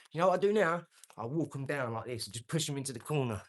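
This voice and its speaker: A man's voice: mid-range voice, animated, fast talker, fairly bright tone. A man, talking brashly and boastfully on his own live stream, answering comments. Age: 40s. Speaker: livestream host.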